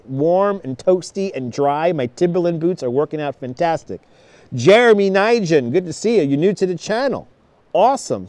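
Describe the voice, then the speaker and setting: A man's voice: fairly high pitch, a little mellow, no room sound. A man in his thirties live-streaming outdoors on a snowy beach, chatting with viewers, greeting them by name and laughing often. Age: 30s. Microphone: wireless clip-on mic.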